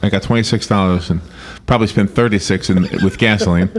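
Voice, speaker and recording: A man's voice: on the low side, fairly even intonation, moderate pace, a little hiss or hum. A man hosting a casual call-in radio show, chatty and laughing at his own stories.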